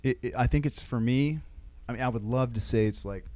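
A man, a military veteran, telling stories in a casual interview, with halting restarts. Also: mid-range voice, heavy background noise.

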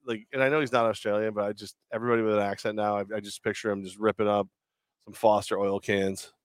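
A man's voice: lowish voice, flat delivery, fast talker, clean tone, no echo. A man co-hosting a casual sports chat, rambling and joking with many restarts. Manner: rambling, jokey, lots of restarts. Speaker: podcast co-host.

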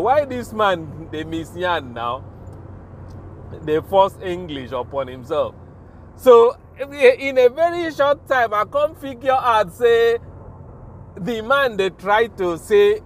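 A young Nigerian man with a Pidgin accent, telling a story casually with laughs, recorded outdoors near traffic. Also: sits high. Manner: animated, laughing, slow drawn-out telling.

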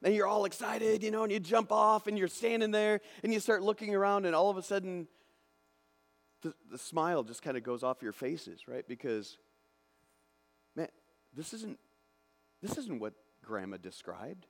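A man preaching a lively sermon, acting out imagined voices and swinging between loud bursts and hushed asides. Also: high-pitched, normal speed. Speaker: pastor. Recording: long hall reverb.

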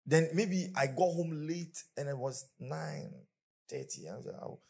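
Brief: male pastor, gravelly voice, lively up-and-down delivery, chatty sermon. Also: on the high side, unhurried. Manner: conversational preaching, acting out quoted people.

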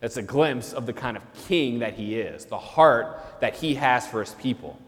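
A man's voice: medium pitch, animated, normal speed, fairly bright tone, big-room sound. A man, a priest, preaching a sermon in an earnest way and repeating key phrases for emphasis.

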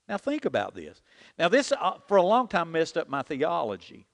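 A man's voice: on the high side, moderate pace. A man preaching a sermon as pastor, leading the congregation in repeating a prayer. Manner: animated preaching, leads the congregation in call-and-repeat. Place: church sanctuary. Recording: long hall reverb.

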